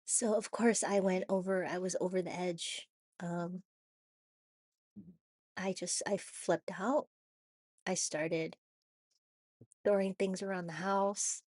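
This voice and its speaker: A woman with a raspy voice from a cold, talking haltingly in a personal confessional vlog with many restarts and "you know"s. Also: lowish voice, steady tone, a little mellow, dry recording, clean studio sound. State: hoarse from a cold. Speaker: vlogger.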